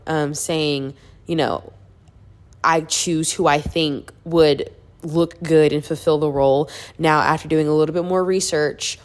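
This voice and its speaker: A woman in a casual vlog aside, mocking herself and apologizing sheepishly. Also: deep voice. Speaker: book reviewer.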